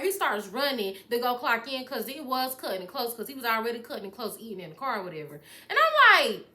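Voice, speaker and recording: A young woman vlogger telling a story in casual chat, animated and swearing freely, acting out what people said. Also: on the high side, a little fast, few pauses.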